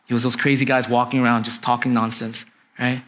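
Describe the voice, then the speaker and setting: A young adult man, a pastor, delivers a sermon like he's telling a story, frequently asking the congregation "right?" to check in. His voice is medium-pitched and fairly bright, with a level tone and a slightly fast pace.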